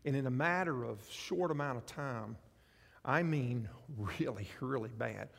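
A male pastor preaching a sermon, animated, swinging between loud passages and soft ones. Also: mid-range voice, a little slow, gravelly, long reverb tail.

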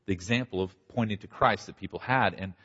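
Field: conference talk. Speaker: middle-aged man, pastor, slight Southern accent. Sound: dull recording, long hall reverb. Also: lowish voice. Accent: slight Southern American. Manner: conversational, animated with quick asides. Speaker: pastor and church planter. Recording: dull audio in a large hall.

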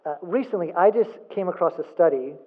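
A man's voice: high voice, animated, fairly quick. A man preaching a sermon as a pastor, emphatic, asking rhetorical questions and repeating points for emphasis. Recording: phone-like thin sound.

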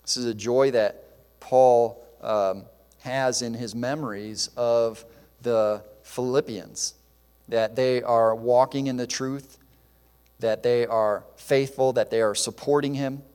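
A man's voice: medium pitch, steady tone, slow, darkish tone, clean tone. Man preaching in a reverberant hall. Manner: earnest, emphatic, with fillers and restarts. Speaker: pastor. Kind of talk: sermon.

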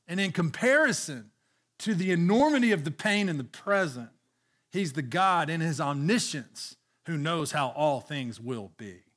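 Earnest higher-voiced male preacher. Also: animated, normal speed, fairly bright tone. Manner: earnest preaching, reads scripture aloud, frequent restarts. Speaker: pastor. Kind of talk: sermon.

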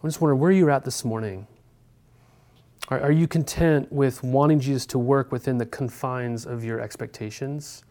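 A man's voice: medium pitch, normal speed, mellow. A male pastor giving a sermon in a conversational way, often checking in with his listeners by asking "right?".

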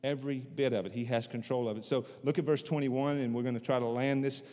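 A man's voice: medium pitch, steady tone, quick pace, warm tone, in a large hall. A man preaching a sermon in a conversational way, repeating phrases for emphasis. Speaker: pastor.

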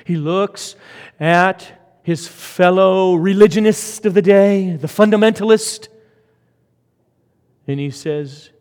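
A man preaching a sermon, swinging from loud emphatic lines to hushed whispers. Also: high-pitched, takes it slowly, clean tone. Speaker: pastor. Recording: long hall reverb.

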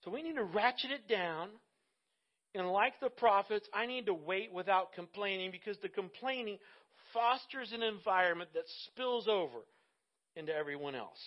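High-voiced pastor preaching with emphatic swells. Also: male voice. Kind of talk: sermon. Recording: dull lo-fi sound.

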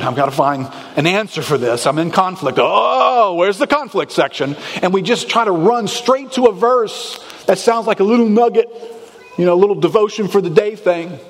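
A man delivering a sermon with a fairly high voice, sounding from a large hall with a long reverb trail. He talks to the congregation like a conversation, firing off rhetorical questions and slipping into anxious inner voices to make his point. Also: vocal fry. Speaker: pastor.

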